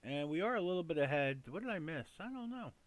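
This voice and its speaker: A man hosting a casual news commentary in a chatty, rambling way, often repeating himself and filling gaps with ums and uhs. His voice sits a bit high for a man. The sound is dry and close, with no room echo. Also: big pitch swings, quick pace. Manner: loose, chatty, many fillers and repeats.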